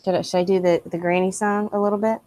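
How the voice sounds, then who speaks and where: A woman co-hosting a relaxed gaming talk, chatty and quick to laugh. She swears casually throughout, and the sound is dry and close with no room behind it. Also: medium pitch, dry recording. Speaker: podcast co-host. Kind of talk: casual chat.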